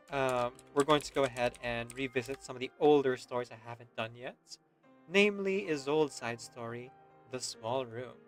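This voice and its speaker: Male streamer host, casual, laid-back, mid-pitched, faint background music. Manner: relaxed, chatty, laughs often.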